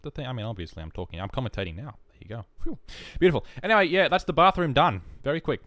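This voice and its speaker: Australian guy, gaming voice-over, rambling and self-mocking, very animated, dry close mic. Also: medium pitch, rapid-fire, no room sound. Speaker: gaming YouTuber. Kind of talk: casual commentary over gameplay. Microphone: headphones and desk mic.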